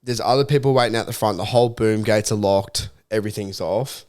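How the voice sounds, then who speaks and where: A man in his twenties with an Australian accent, co-hosting a podcast and telling a story in a relaxed way, swearing freely and laughing often. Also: on the low side, brisk. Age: 20s. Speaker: podcast co-host. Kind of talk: casual storytelling chat.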